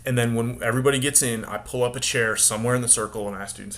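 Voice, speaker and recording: A man's voice: mid-range voice, steady tone, very fast, a bit bright. A male teacher explaining a classroom name game in a casual, upbeat way, acting out bits of dialogue with students. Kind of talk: casual instructional talk to camera.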